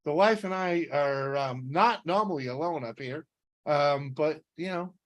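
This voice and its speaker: A man's voice: on the high side, measured pace. Laid-back man greeting viewers. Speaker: livestream host. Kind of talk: casual livestream chat.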